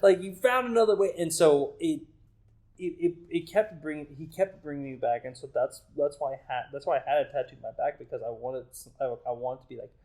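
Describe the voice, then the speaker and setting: A man hosting a podcast, talking about faith in an earnest, halting way, with many restarts. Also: mid-range voice, fairly even intonation, mellow, poor audio. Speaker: podcast host. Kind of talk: casual faith talk.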